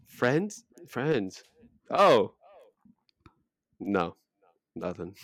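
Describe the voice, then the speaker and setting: A man's voice: lowish voice, big pitch swings, extremely slow, fairly bright tone, no echo. A man co-hosting a casual podcast quiz, laughing often, swearing, and playfully unsure of his answers. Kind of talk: casual chat.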